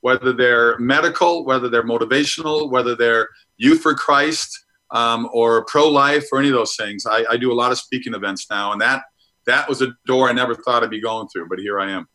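A man's voice: mid-range voice, a little fast, pushed and bright, poor audio. A middle-aged man from Minnesota, a guest actor talking frankly about his career in a casual interview.

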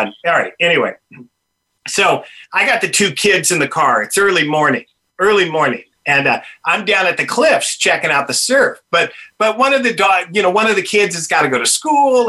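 An older man telling a funny personal story in a casual chat, laughing often and acting out what people said. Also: fairly high pitch. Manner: animated, laughs often, acts out dialogue. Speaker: podcast guest, punk musician.

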